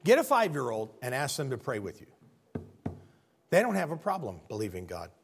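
A man preaching a sermon in church, telling stories with big swings from loud excitement to hushed earnestness. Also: mid-range voice, a little fast, a little hiss or hum.

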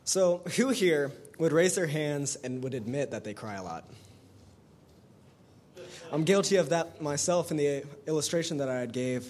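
A young man in a church group reading a Bible verse and a discussion question, earnest and a bit halting. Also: a little high, expressive, darkish tone. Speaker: scripture reader.

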